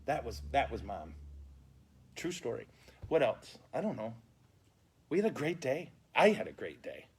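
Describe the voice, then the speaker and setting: A priest with a medium-pitched voice that has a breathy edge speaks unhurriedly, telling funny stories in a casual catechesis talk. He's animated and comic with mock outrage, and the live stream comes from indoors at a funeral home.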